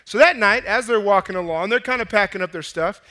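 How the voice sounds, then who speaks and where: A man preaching a sermon as an animated, playful storyteller. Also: sits high, brisk. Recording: long echoey hall reverb.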